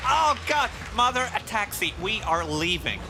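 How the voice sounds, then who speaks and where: A prim, haughty posh baby, as a male comedian puts it on speaks in a high, upper-class voice. Music plays clearly behind. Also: very animated, measured pace, full character voice.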